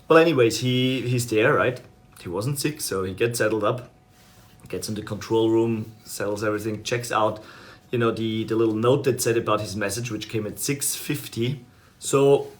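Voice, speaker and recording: A man with a fairly low voice, teaching a sales lesson in a loose, chatty way. He rambles a bit, with plenty of fillers and restarts. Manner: casual, rambling storytelling with many fillers. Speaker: sales trainer. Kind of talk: online course lesson.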